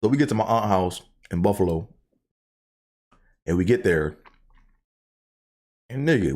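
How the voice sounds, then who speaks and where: A man's voice: mid-range voice, darkish tone, breathy edge. A man hosting his own show, telling stories in a casual, profane, joking monologue. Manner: profane, laughing storyteller. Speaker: host.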